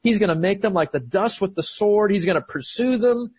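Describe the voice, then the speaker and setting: A man preaching a sermon, excited and emphatic, often restarting his sentences. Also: sits high, a little fast, husky, highs cut off.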